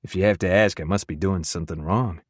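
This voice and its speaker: A man's voice: deep voice, fast, husky, no echo, clean studio sound. A man voicing Cohen, a menacing alpha werewolf. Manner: easygoing yet assertive, quietly threatening. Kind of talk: audiobook character voice.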